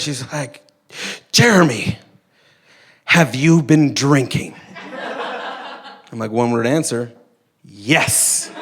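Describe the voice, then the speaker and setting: A man's voice: fairly high pitch, a bit bright, slight background noise. Rambling young man telling a story. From Canada. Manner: rambling, self-mocking, with restarts. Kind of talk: live comedic storytelling. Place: live storytelling event in a venue.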